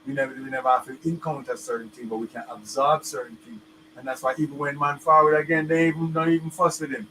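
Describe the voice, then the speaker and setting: A man's voice: medium pitch, fairly even intonation, fast talker, bright, forceful tone, recorded from a distance, slight background noise, low-quality recording. A man, explaining at length in patois phrasing in a casual recorded clip. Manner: patois phrasing, repeats himself.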